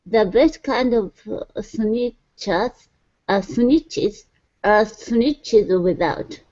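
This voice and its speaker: A woman reading a rhyming story aloud in a lesson, halting and restarting words. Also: on the high side, lively intonation, a little mellow, muffled recording. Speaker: student.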